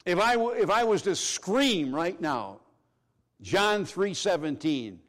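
Emphatic high-voiced male preacher. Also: very animated, takes it slowly. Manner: emphatic, swings from loud to hushed. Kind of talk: sermon.

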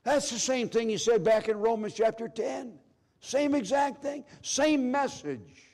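A middle-aged man preaching a sermon, emphatic, swinging from loud declarations to hushed, low phrases. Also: unhurried.

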